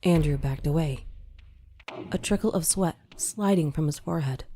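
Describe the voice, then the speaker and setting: A woman narrating a horror story in a measured, dramatic storytelling manner. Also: sits low, warm tone. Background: faint music.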